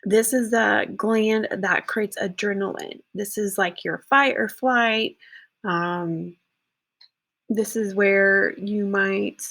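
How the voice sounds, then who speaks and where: A woman teacher talking students through a lesson in a casual way, often checking in with "okay" and pausing on "um". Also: medium pitch, steady tone, creaky, fairly bright tone.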